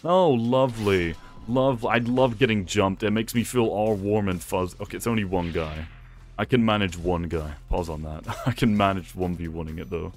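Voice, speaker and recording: A young man giving excitable gameplay commentary, talking to himself and laughing often. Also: sits low, normal speed, faint music behind. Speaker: gaming YouTuber.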